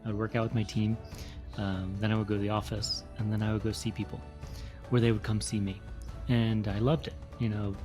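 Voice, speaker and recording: A middle-aged man from the East Coast of the United States, co-hosting a podcast, talking in an earnest, measured way with some fillers. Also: fairly low pitch, darkish tone. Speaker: podcast co-host. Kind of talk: casual reflective talk.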